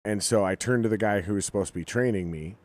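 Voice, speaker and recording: Lively low-voiced man telling a story. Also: quick pace. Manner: animated, swears freely, acts out dialogue. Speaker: podcast guest, rock musician. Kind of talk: casual storytelling chat.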